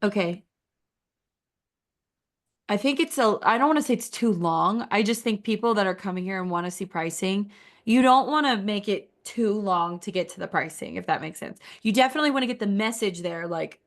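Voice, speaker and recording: A woman walking through a website critique in a relaxed, conversational way. She talks casually and encouragingly, filling her sentences with "like" as she thinks aloud. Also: medium pitch, moderate pace. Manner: chatty, encouraging, uses "like" a lot. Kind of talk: casual screen-share critique.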